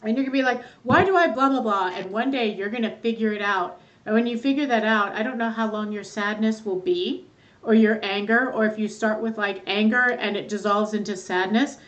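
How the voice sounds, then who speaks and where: A woman's voice: medium pitch, fairly even intonation, fairly quick, muffled recording. A middle-aged woman talking as a therapist guest in a casual podcast chat, candid, swearing freely and laughing easily.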